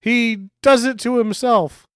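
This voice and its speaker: A man's voice: very high-pitched, fairly even intonation, slow pace, smooth, dry recording. Man, co-host, casual chat, argumentative, amused, dry sound. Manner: picks apart the plot, argumentative and amused. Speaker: podcast co-host. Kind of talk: casual chat riffing on a bad movie.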